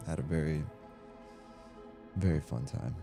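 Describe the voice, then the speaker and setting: A man's voice: extremely low pitch, normal speed, creaky, mellow. A man streaming a game, rambling casually, reading chat aloud and laughing easily. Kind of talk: casual livestream chat while gaming. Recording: game music playing behind. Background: game music.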